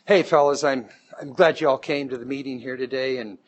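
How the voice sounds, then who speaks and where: A man's voice: medium pitch, steady tone, brisk, highs cut off, close to an everyday voice. A man doing a chummy boss calling a meeting.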